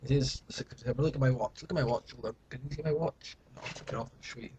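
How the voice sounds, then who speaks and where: A man's voice: medium pitch, very fast, darkish tone, slight background noise. A young British man talking to camera at home in a rambling, self-mocking, mock-dramatic way. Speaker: vlogger. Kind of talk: casual chat to camera.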